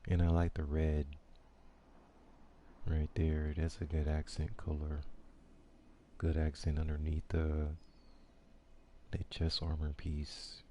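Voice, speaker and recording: A man's voice: extremely low pitch, warm tone, a little hiss or hum. A man giving casual gameplay commentary, thinking aloud with hesitant ums and restarts as he weighs his options. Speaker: gaming video creator.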